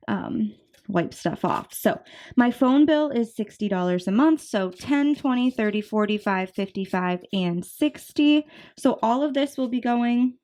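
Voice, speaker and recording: A woman's voice: mid-range voice, a little mellow. Chatty young woman counting cash aloud. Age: 20s. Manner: chatty, counts bills aloud in quick runs. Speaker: budgeting vlogger. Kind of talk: casual chat while counting cash.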